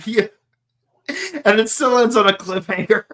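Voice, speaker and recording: A man's voice: sits high, steady tone, measured pace, fairly bright tone. A man hosting a podcast in casual chat, rambling, laughing often and slipping into silly voices. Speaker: podcast host.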